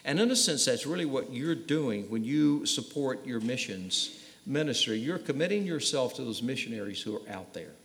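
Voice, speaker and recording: A man's voice: mid-range voice, expressive, normal speed, fairly bright tone, breathy edge. Emphatic preacher man in a reverberant hall. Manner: emphatic preaching, addresses the congregation directly. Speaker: pastor. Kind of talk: sermon. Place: church sanctuary. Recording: long reverb of a large hall.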